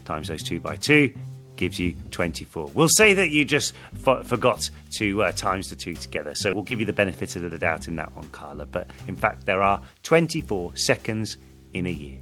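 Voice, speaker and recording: A man's voice: deep voice, big pitch swings, normal speed, pushed and bright, faint music behind. A man co-hosting a podcast, chatting casually with playful, mock-serious banter. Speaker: podcast co-host. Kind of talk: casual chat.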